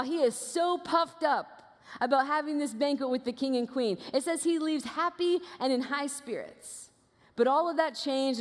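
A woman guest preacher giving a sermon as lively, conversational storytelling in a church auditorium. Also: sits high. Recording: long reverb of a large hall.

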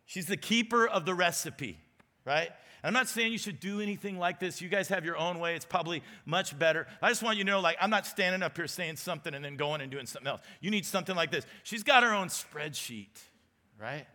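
A high, bright-toned man in his forties preaches a casual, joking sermon as executive pastor. He talks like he is chatting with the room, often tossing in a quick "right?". His voice rings out with the long reverb of a big church hall. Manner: chatty, self-deprecating, keeps checking in with "right?". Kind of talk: conversational sermon. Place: church auditorium.

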